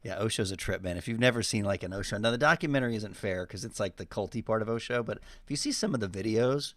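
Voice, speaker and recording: A man co-hosting a podcast, chatting in a relaxed, joking way. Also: fairly low pitch, fast talker, dry recording. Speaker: podcast co-host. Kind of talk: casual podcast chat.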